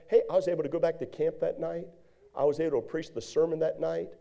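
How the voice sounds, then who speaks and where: A middle-aged male preacher telling a story in a sermon, animated, with sudden high outbursts. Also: quick pace, creaky.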